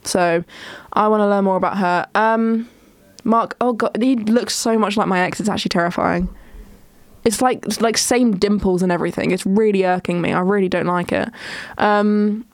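A woman's voice: mid-range voice, fairly even intonation, moderate pace, no room sound. A young woman hosting a casual solo podcast, chatting in a rambling way with many ums and restarts. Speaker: podcast host.

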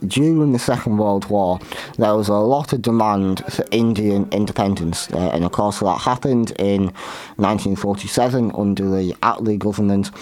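A man hosting a history talk show, giving opinionated commentary in a halting way, often repeating and restarting his words. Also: fairly low pitch, darkish tone.

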